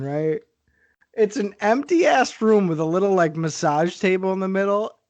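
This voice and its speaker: Man, high voice, swearing podcast co-host, dry close sound. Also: no room sound. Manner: profane, animated, laughs a lot. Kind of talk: casual chat.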